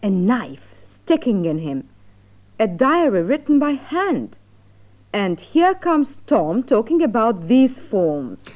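A woman's voice: fairly high pitch, big pitch swings, takes it slowly, darkish tone. An actress playing a teasing young female student, mock-dramatic, on a dull lo-fi tape.

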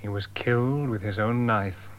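An actor playing a shaken young man, speaking clearly and slowly for learners, on a dull lo-fi tape. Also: on the low side, natural voice. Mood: tense. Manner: clear, slow learner-friendly delivery.

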